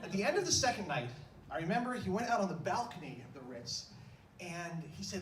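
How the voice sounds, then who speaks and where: A man telling a comic story on stage in an animated, breathless, exclamatory way. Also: high voice, fairly quick, hardly any pauses, a crowd in the background. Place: stage in a large room. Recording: echoey stage from far off, faint room ambience.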